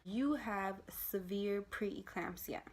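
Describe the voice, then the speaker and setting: A young woman tells her own pregnancy story straight to the camera in a casual vlog. Her voice sits at a middling pitch. She acts out the people she quotes with lively changes of voice. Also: slow, slight background noise. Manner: animated retelling, acting out quoted voices. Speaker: vlogger.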